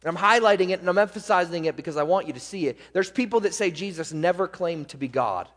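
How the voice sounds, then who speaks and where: A man preaching a sermon as pastor, pressing hard on key words and then dropping to quiet asides. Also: sits high, fast talker. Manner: emphatic, swings between loud stresses and quiet asides. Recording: long hall reverb.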